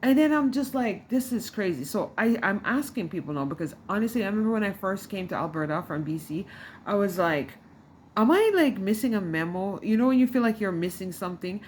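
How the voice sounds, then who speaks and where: A woman's voice: mid-range voice, darkish tone. Rambling frustrated Caribbean-born woman. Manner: rambling, frustrated, with many restarts. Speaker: vlogger. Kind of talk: casual talk to camera. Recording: faint background noise.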